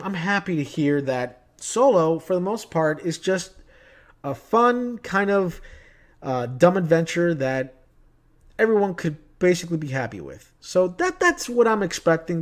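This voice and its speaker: A man vlogging casually about movie news, chatty and opinionated, telling stories from his day. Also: on the high side. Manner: chatty, opinionated, tells anecdotes.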